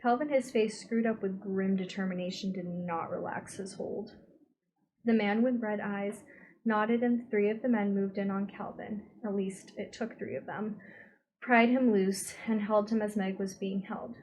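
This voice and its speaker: A woman reading a novel aloud as an audiobook narrator, giving the dialogue expressive voices. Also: medium pitch, unhurried, low-quality recording. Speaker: audiobook reader.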